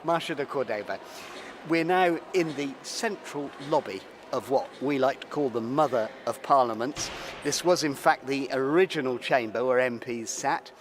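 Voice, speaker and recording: A man presenting a radio report and interviewing a guest in a measured, conversational way, recorded in a large indoor lobby. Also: medium pitch. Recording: public lobby with some noise.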